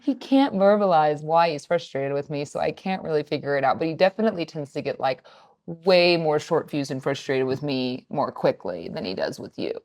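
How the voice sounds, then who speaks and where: A woman in her thirties co-hosting a casual podcast, chatty and expressive, often mimicking voices in her stories. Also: low voice, fairly quick. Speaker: podcast co-host. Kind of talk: casual chat.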